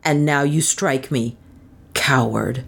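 A woman reading a story voices a fierce, jealous young man, speaking low, slow and cold. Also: vocal fry, husky, full character voice. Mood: bitter.

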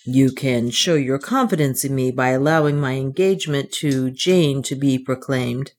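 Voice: medium pitch, normal speed, natural voice. A reader voicing an earnest, proud young man. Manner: earnest, restrained. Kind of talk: audiobook reading.

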